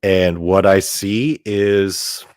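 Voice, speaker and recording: Guy with a lowish voice spinning a crazy story, swears a lot, says like constantly, dry close sound. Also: very slow, dry recording. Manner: animated and profane, heavy use of "like". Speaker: storyteller host. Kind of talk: casual storytelling monologue.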